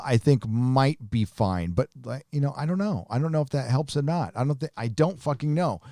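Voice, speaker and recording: Hosting a live stream, a man with a medium-pitched, slightly mellow voice chats casually and reads viewer comments in a blunt, profane, rambling way. The recording is dry, with clean studio sound.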